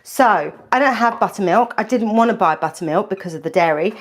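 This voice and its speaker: A woman's voice: mid-range voice, a little fast. A woman hosting a live cooking stream from her kitchen, chatty and a little nervous, with lots of ums and restarts as she greets viewers. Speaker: food channel host.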